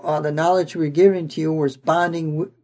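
A man gives a verse-by-verse Bible lesson, reading scripture and then unpacking it with repeated "okay"s. His voice sits a little high but sounds mellow and husky, with a gravelly edge. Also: little pitch movement, a little fast. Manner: reads scripture aloud then explains it, with frequent "okay" and restarts. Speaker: bible teacher.

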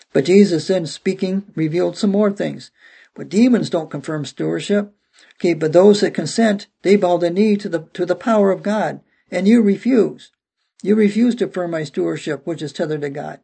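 A man preaching a sermon in a high, gravelly voice with a husky, dark edge. He teaches verse by verse, emphatic, dropping "okay" between points and often restarting his phrases. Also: moderate pace.

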